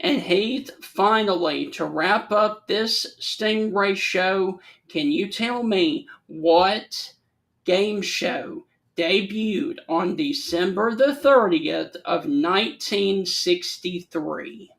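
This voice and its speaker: Guy with a pretty high voice co-hosting a sports show, talks slow, asks trivia. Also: gravelly, a bit bright, poor audio. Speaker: co-host. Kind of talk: casual chat.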